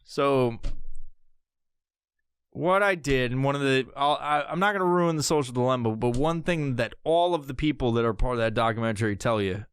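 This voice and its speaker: A young adult man hosting a podcast, ranting casually and profanely, often jumping into squeaky high voices for bits. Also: moderate pace, clean tone. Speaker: podcast host. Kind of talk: casual comedic podcast rant.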